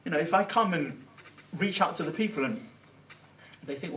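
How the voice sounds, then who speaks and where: A man giving an informal Islamic Sunday talk, conversational and thinking out loud, with Arabic phrases mixed in. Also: fairly high pitch, moderate pace, pauses often, far from the mic, slight background noise. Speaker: Islamic teacher. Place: Islamic centre hall.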